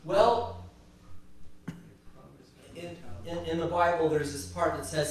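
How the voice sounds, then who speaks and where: Church teacher, man, fairly high voice, halting storyteller, heard from a distance in a very echoey church. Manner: halting, repeats words while retelling stories. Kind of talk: storytelling religious class talk.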